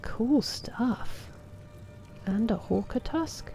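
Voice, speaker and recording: A woman in her thirties, a game streamer, chatting casually while she plays, answering chat and muttering softly to herself. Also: fairly high pitch, expressive, extremely slow, vocal fry, faint music behind. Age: 30s.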